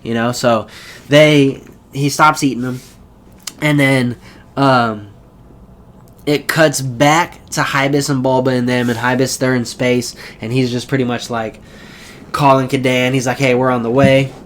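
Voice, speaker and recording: A man recapping an episode in a relaxed, rambling voice. He talks at an ordinary middle pitch and keeps slipping into quick character impressions before dropping back to plain chat. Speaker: anime reviewer.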